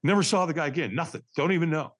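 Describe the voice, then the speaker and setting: A man telling a personal story as a podcast guest, energetic and vivid, acting out what others said. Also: a little high, very fast. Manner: energetic, acts out quoted voices, frequent restarts. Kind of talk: animated storytelling.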